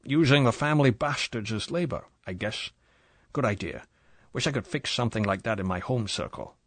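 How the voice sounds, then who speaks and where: A man's voice: fairly low pitch, expressive, a little fast, no echo. Drunk, bullying tycoon, sneering and slurred, read by a male narrator. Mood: mocking.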